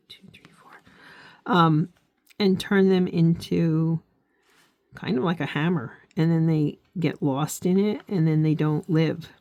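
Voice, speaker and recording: Woman, low voice, planner vlogger, earnest and encouraging, talks right to viewers. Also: vocal fry, a little mellow, dull audio. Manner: reflective, with frequent "okay?" check-ins. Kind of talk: casual heartfelt talk while crafting.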